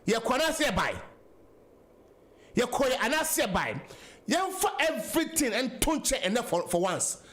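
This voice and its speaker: High-pitched Ghanaian man on talk radio. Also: sing-song, unhurried, fairly bright tone. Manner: impassioned, repetitive, switching between English and Twi. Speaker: radio talk show host. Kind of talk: political talk radio commentary.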